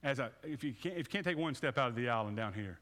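A pastor in his thirties preaches in a relaxed, conversational way, stumbling over and repeating his words as he builds toward an altar call. His voice sits at an ordinary middle pitch. A long reverb from the church hall trails each phrase. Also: very fast. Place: church sanctuary.

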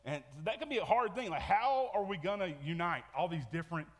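A man's voice: high-pitched, expressive, fairly quick, in a large hall. A man preaching a sermon to his church in a casual, conversational way, often repeating words and restarting sentences. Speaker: pastor. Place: church sanctuary.

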